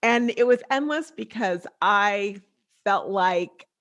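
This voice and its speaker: A woman's voice: mid-range voice, takes it slowly, fairly bright tone. A woman hosting a podcast in a casual monologue, chatty and often breaking into laughter between sentences. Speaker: podcast host.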